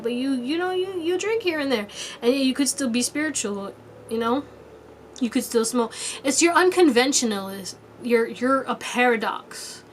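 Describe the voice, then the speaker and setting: A chatty woman reads tarot cards in a loose, casual way, laughing often and swearing freely. Her voice sits a little high for a woman. A faint hiss runs under the recording. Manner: playful high-pitched quoted voices. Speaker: tarot reader. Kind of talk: casual pick-a-card tarot reading.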